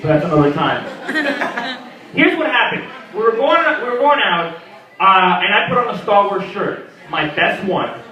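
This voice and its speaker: A young man doing a stand-up comedy set, animated and acting out characters with sudden loud squawks. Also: sits high, unhurried. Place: small comedy venue at a birthday party. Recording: echoey room, mic at a distance. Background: audience laughter.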